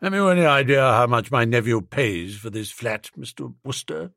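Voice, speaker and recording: A man's voice: medium pitch, lively intonation, normal speed, gravelly, a bit bright, no room sound, studio quality. A man doing a grumbling stingy old duke. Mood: aghast. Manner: complaining, aghast at prices.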